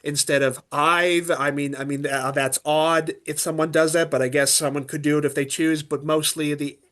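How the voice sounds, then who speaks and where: A man, a guest opera tenor from Pennsylvania, chatting casually in an interview and explaining things in a halting way, with many restarts and filler words. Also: a little high, little pitch movement, a bit bright. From Pennsylvania, USA.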